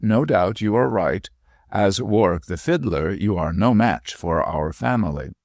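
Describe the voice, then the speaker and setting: A man voicing a tiny, shrewd and mischievous old woman dwarf with a shrill, teasing manner in a storybook reading. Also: expressive, measured pace, dry recording, clean studio sound. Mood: sly, scolding. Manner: sharp, teasing, whimsical.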